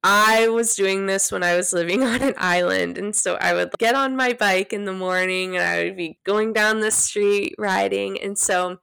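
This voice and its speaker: A woman hosting a solo podcast, talking gently and guiding listeners through a practice, sometimes dropping to a hush. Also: mid-range voice, creaky, smooth, no room sound, studio quality. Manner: soft, gentle, unhurried guidance; drops to a hushed near-whisper when demonstrating. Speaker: podcast host.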